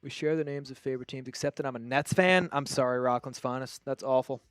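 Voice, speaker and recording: Calling plays on his live football watch-party stream, this Long Island, New York host keeps it casual and chatty, reading viewers' chat messages out loud. He talks fast at medium pitch, his intonation fairly even and his tone fairly bright, clear, and resonant. Soft music plays under the studio-quality audio, which has no room sound.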